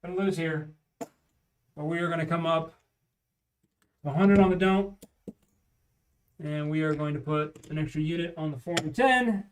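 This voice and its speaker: A man's voice: a little high, a little slow, pauses often, distant mic, a little hiss or hum. Man calling dice rolls on stream, off-mic. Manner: chatty, calls out dice rolls and bets. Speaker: streamer practicing craps. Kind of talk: casual live-stream chat. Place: home.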